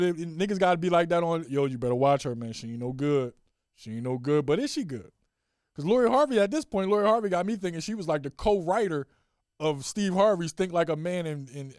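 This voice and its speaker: A man hosting a solo podcast in a casual, profane rant, swinging from loud exclaiming to low muttering and repeating catchphrases. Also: no room sound, studio quality. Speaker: podcast host.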